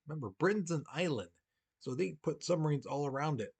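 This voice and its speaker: A man's voice: fairly high pitch, animated, fairly quick, darkish tone, breathy edge. Casual male history teacher. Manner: casual and conversational, acts out quoted voices. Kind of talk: recorded history lesson.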